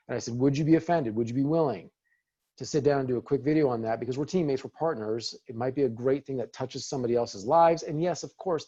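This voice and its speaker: A man's voice: mid-range voice, dark tone, dull audio. A man leading a casual webinar on using video in business, upbeat and encouraging, talking to attendees in a chat. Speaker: real estate team leader giving a video training.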